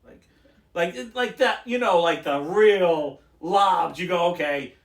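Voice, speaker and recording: This man's voice sits high and moves with lively intonation, though he talks slowly. Co-hosting a podcast from an echoey room, he spins rambling stories in easygoing conversation and performs the quoted lines of each character.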